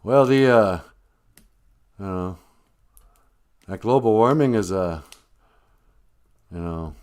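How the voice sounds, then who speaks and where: Minnesotan male host, slow, lively pitch, joking monologue. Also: clear, resonant tone. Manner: rambling, joking, laughs at his own jokes. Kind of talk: comedic live-stream monologue.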